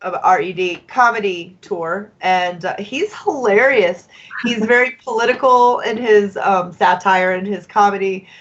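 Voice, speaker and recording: A woman's voice: medium pitch, a little slow, fairly bright tone. Opinionated woman from the us on a podcast, muffled dull sound. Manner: opinionated, emphatic. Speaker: podcast co-host. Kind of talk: casual discussion.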